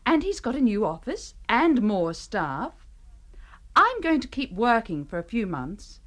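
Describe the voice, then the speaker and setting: A chatty young Australian wife. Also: female voice, on the high side, sing-song, a little slow. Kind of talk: scripted radio drama for English learners.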